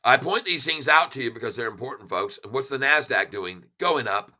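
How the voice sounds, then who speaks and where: A middle-aged man giving excited, folksy commentary on a stock chart, repeating himself for emphasis and calling his viewers folks. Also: medium pitch, a little fast.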